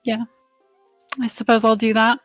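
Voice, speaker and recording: A woman's voice: fairly high pitch, monotone, normal speed, no echo, soft background music. A woman playing in a tabletop game, who speaks in a tentative, unsure way. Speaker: player.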